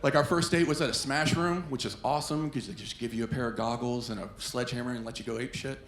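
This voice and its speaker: A man's voice: mid-range voice, fast talker, slight background noise. A man performing a stand-up comedy set on a club stage, telling stories and acting out quoted voices. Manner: animated storytelling with quoted voices. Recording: echoey club with faint ambience.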